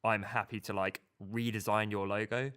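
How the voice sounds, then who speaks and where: Low-voiced man chatting on a podcast. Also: moderate pace, clear, resonant tone. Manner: relaxed, rambling, frequent restarts. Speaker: podcast co-host. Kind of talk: casual podcast chat.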